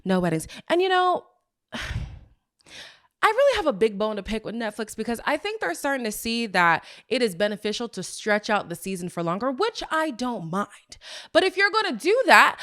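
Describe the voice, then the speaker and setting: A woman's voice: high-pitched, normal speed. A woman hosting a podcast, recapping a reality show in a sassy, exasperated, chatty way. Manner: animated, sassy, exasperated asides. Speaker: podcast host. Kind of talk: casual recap commentary.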